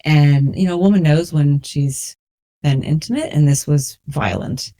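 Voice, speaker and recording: A woman's voice: deep voice, unhurried, mellow, no echo. Earnest reflective woman from New Orleans. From New Orleans, USA. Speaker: guest, resilience coach. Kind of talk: candid personal storytelling.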